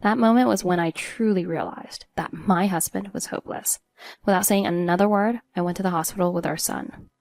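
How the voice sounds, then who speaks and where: A woman's voice: lowish voice, fairly quick, vocal fry, a little mellow. A woman narrating a first-person story in an earnest, emotional way.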